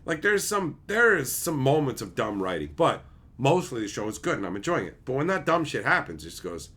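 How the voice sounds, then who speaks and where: A man's voice: medium pitch, a little fast, husky. A man hosting a casual livestream, chatting with viewers and ranting and swearing freely about plot holes in shows. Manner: animated, swears often, mocks logic gaps. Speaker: livestream host reading chat.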